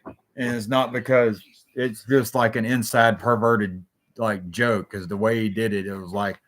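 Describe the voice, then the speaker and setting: A man's voice: fairly low pitch, flat delivery, unhurried, fairly bright tone. A man hosting a solo talk show, rambling and jumping between stories, swearing freely.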